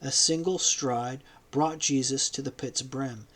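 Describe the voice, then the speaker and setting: A man narrating a novel as an audiobook, in a measured storytelling manner. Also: medium pitch, fairly even intonation, fairly bright tone. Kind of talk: audiobook reading.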